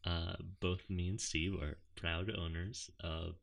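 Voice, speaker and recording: A young man co-hosting a casual podcast, easygoing and quick to laugh. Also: sits low, vocal fry. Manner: laughs often, easygoing, lively intonation. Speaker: podcast co-host. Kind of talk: casual chat.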